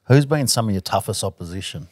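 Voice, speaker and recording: A podcast co-host putting direct questions to his guests in a blunt, easy manner. His voice sits low, and the recording is close and dry. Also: animated, fast talker, a little mellow, husky, dry recording. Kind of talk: casual interview chat.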